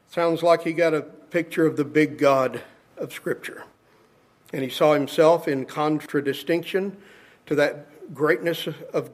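A man's voice: a little high, darkish tone. A man preaching a sermon, emphatic, repeating words for stress and acting out the scripture he quotes.

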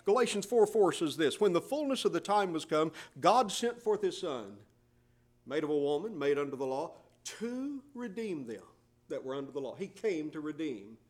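Emphatic preaching man, slightly high voice. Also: sing-song, moderate pace. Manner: emphatic preaching, quoting scripture in King James wording. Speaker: pastor. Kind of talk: sermon.

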